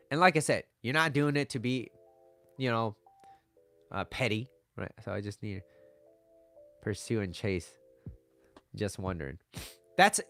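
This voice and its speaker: A man coaching on dating over slides, casual and joking as he talks. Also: mid-range voice. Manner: joking and animated.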